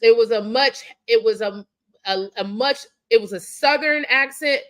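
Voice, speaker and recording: A woman who is a sports beat writer, talking casually on a podcast and often pausing with ums and restarts as she works through her thoughts. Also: on the high side, a bit bright.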